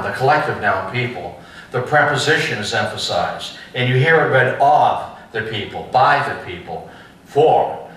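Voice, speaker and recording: A man giving a history lecture to an adult class, slow and emphatic, asking rhetorical questions and repeating phrases. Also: mid-range voice, bright, forceful tone. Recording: echoey room, mic at a distance.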